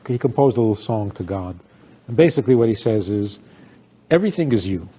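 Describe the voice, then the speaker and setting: A man's voice: lowish voice, fast, warm tone. An older man, a rabbi, giving an informal talk to an audience, telling stories, asking rhetorical questions and laughing often.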